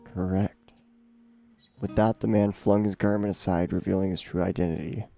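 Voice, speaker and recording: A man's voice: low voice, steady tone, fast, gravelly, dark tone, soft background music. A man reading a game novel aloud, doing the characters' voices and stumbling over words now and then. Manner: stumbles and repeats words, laughs at the text.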